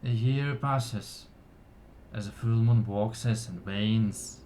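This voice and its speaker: A man voicing a village elder who gives a measured ceremonial blessing at a gathering. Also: on the low side, mellow, slight background noise. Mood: solemn. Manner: slow, measured ceremonial speech.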